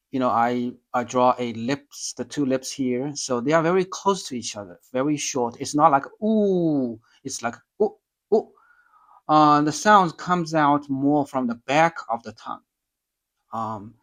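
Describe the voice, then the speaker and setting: A man talking through his own language notes in a casual, halting way, full of ums and restarts. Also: medium pitch. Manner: slow, hesitant, many ums and restarts. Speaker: language learner reviewing lessons. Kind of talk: casual self-study explanation.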